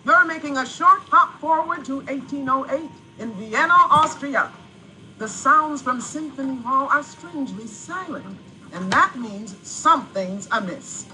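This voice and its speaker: A woman's voice: high-pitched, unhurried, music in the background, low-quality recording. A woman delivering a scripted mission briefing in a video game, in a playful, punning manner. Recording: game audio with background noise.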